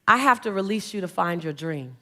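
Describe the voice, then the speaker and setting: A woman's voice: mid-range voice, animated, brisk, sharp tone. A woman quoting her stern, puzzled supervisor.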